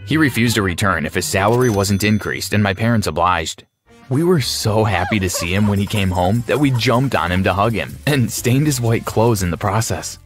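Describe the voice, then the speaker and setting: Wry low-voiced male narrator. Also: lively intonation, moderate pace. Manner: wry, sardonic. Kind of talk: scripted story narration. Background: faint music.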